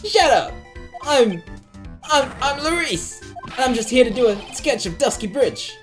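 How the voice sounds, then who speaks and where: A woman voicing an excitable, starry-eyed young man in a video game, gushing and stammering. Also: sits high, a little slow, soft background music, pitched above the performer's own voice.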